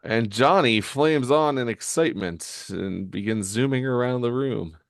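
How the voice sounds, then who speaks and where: A man co-hosting a podcast, reading a comic aloud with animated, incredulous asides. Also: medium pitch, measured pace, creaky, no echo, studio quality. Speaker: podcast co-host.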